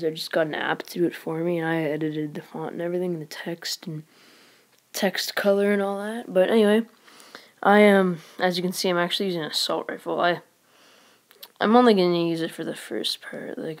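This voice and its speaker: A woman giving live gameplay commentary as a channel host, excitable and rambling, with frequent exclamations and whispered asides. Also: lowish voice, fairly quick.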